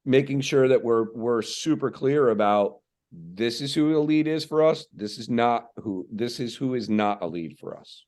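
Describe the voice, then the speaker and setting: This medium-pitched man is a real estate coach storytelling on a podcast at a moderate pace, barely pausing at all. His delivery is animated and conversational, peppered with fillers.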